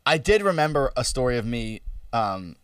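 A young man co-hosting a podcast in casual chat, with quick reactions and joking asides. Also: mid-range voice, very animated, clear, resonant tone, no echo, studio quality, recorded from a distance. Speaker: podcast co-host.

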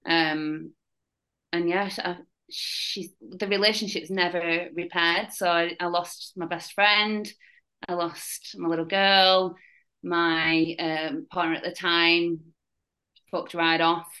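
A young woman with a Northern English accent, a fitness coach talking candidly as a podcast guest, blunt and quick to laugh at dark stories. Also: on the low side, little pitch movement, low-quality recording. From Northern England. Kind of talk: casual chat.

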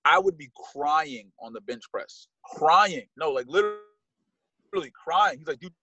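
A man talking in a casual podcast chat, animated and slangy, cursing as he makes his points. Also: unhurried, dull audio. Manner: animated, swearing, slangy, jumps into high-pitched imitations.

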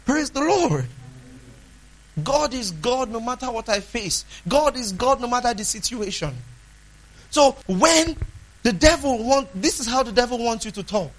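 A man preaching a sermon, emphatic, asking the congregation questions and swinging between loud declarations and hushed asides. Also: high voice, lively intonation, normal speed, rough recording.

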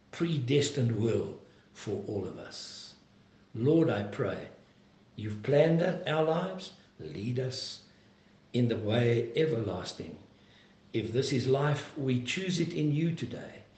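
A man pastor preaching a sermon and praying, earnest and emphatic, slowing down to plead. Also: medium pitch, mellow, reverberant. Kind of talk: sermon and closing prayer.

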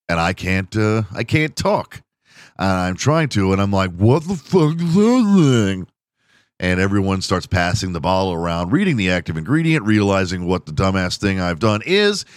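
Low-voiced man telling crude stories. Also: no echo, studio quality. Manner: crude, self-mocking, animated storytelling. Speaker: podcast host. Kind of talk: casual storytelling monologue.

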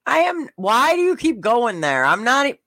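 A woman's voice: fairly high pitch, sing-song, normal speed, fairly bright tone, dry recording. A woman co-hosting a casual podcast with her husband, laughing often and firing back sarcastic comebacks. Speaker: podcast co-host. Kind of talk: casual banter.

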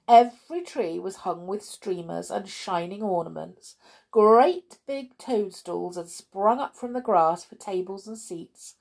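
A woman reading a children's storybook aloud in an expressive way, rising on exclamations. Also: lowish voice, a little slow. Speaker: narrator.

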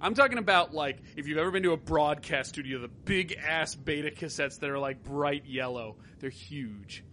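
A man's voice: a little high, moderate pace, few pauses, bright, forceful tone, a little hiss or hum. A man co-hosting a casual gaming podcast, rambling through tangents and swearing now and then. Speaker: podcast co-host.

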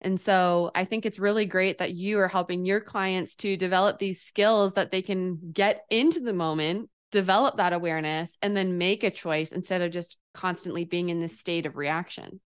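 A woman's voice: lowish voice, fairly even intonation, normal speed, hardly any pauses, clean tone. A woman hosting a podcast, responding thoughtfully and sharing her own experience in conversation. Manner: reflective, speaks from personal experience. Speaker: podcast host. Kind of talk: casual interview chat.

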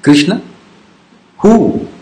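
A man's voice: extremely slow, darkish tone, reverberant, low-quality recording. A man teaching a devotional class, informal and teasing, who keeps checking with his listeners by asking "yes?" and "understand?" after each point. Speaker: religious teacher.

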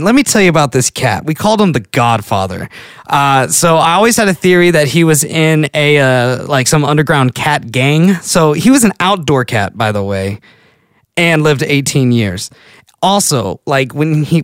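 Male solo host, loose rambling storyteller, medium pitch, dry close recording. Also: no echo. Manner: rambling, self-interrupting storyteller. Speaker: podcast host. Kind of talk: casual solo chat.

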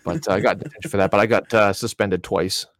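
A man with a low voice, chatting on a podcast and acting out the people in his stories. The room is dry and close, with no echo. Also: quick pace. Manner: animated storyteller, acts out quoted voices. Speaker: podcast co-host. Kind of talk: casual chat.

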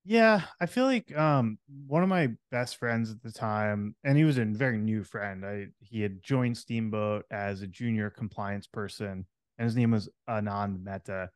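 A man's voice: lowish voice, a little slow, clean tone, dry recording, studio quality. A man hosting a podcast, telling a personal story in a candid, reflective way with frequent fillers. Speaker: podcast host.

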